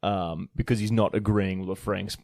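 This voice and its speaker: A man co-hosting a podcast in casual chat, relaxed and agreeable, with lots of fillers. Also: sits low, normal speed, dry recording, clean studio sound. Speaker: podcast co-host.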